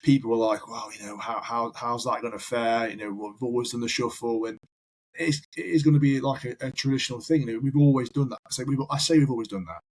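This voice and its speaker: Husky man telling stories. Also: mid-range voice, fast, poor audio. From United Kingdom. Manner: rambling anecdotal storyteller, repeats words. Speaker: firefighter guest. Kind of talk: casual podcast chat.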